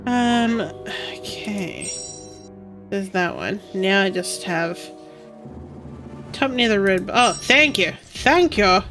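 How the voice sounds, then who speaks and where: A woman's voice: medium pitch, big pitch swings, slow, long pauses, a bit bright, soft background music. A woman streaming a game and chatting casually to herself and her cat. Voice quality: cooing, baby-talk to her cat.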